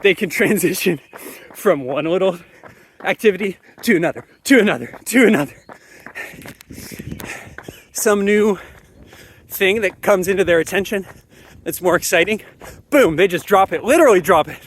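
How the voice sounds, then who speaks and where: High-voiced man on an emphatic rant. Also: normal speed, pauses often, slight background noise. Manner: animated, emphatic, repeats phrases for effect. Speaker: parenting commentator. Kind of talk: solo ranting monologue to camera.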